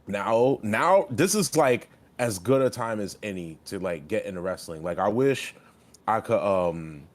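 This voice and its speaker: A man's voice: fairly low pitch, expressive, measured pace. A young man co-hosting a podcast in casual, profane chat, rambling and getting heated when riled up. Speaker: podcast co-host and streamer.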